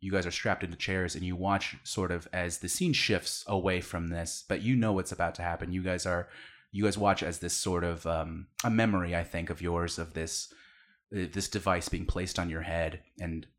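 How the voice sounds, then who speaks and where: A man's voice: low voice, fairly even intonation, moderate pace, fairly bright tone. A man narrating as game master for a tabletop game, rambling with many fillers and restarts.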